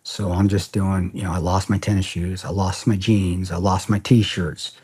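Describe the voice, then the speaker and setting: A man's voice: deep voice, flat delivery, normal speed, mellow, husky. A middle-aged man, a podcast guest, telling a story bluntly and casually, profane and rambling with restarts.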